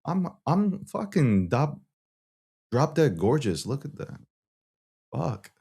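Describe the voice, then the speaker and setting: A man's voice: mid-range voice, very animated, slow, gravelly, dark tone, slightly rough. A man with a Brooklyn New York accent hosting a live-streamed talk show in a brash, loose way, swearing freely, repeating phrases and stumbling over his restarts. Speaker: show host.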